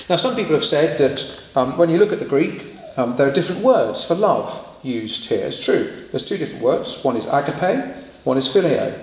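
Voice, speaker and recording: A man preaches an earnest sermon, pressing his listeners with question after question. His voice sits high and swoops widely between lines. The sound carries a long hall reverb that rings after each phrase. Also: a little hiss or hum. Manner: questioning, earnest, emphatic rises.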